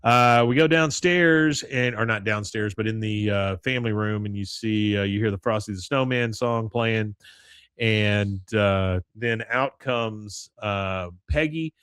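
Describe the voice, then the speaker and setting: A man hosting a podcast, recapping a cartoon episode in a relaxed chat and dipping into quick character voices. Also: fairly low pitch, clean tone, dry recording, clean studio sound. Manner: retells scenes with quick character voices, chuckling. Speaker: podcast host.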